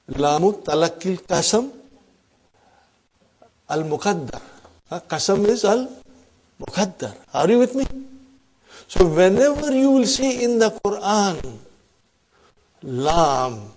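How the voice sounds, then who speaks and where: A man teaching an Arabic grammar lesson in English, quoting verses quickly and often asking the class "huh?" to check they follow. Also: sits high, a little mellow, husky. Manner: recites Quranic Arabic quickly, then explains in English.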